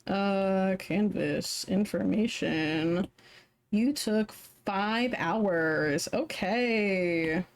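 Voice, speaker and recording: A woman's voice: mid-range voice, very slow. Chatty young woman streaming while drawing. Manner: chatty, rambling, self-deprecating. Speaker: streamer drawing fan art. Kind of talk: casual live-stream chat while drawing.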